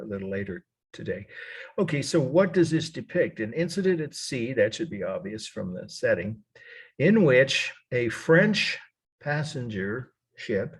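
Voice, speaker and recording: A man's voice: medium pitch, slightly rough. A middle-aged man teaching a college art history lecture, rambling and correcting himself as he goes, spelling names out letter by letter.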